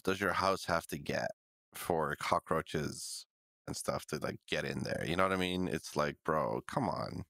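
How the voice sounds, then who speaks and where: Deep, bright-voiced young man chatting. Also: a little slow, vocal fry, no room sound, studio quality. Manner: laid-back, swears freely, many fillers. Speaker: podcast co-host. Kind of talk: casual chat.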